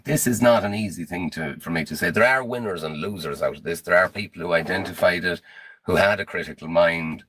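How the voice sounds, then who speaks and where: A man giving a grave, deliberate monologue on conspiracy theories, in a lecturing manner. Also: low voice, bright, forceful tone, no echo.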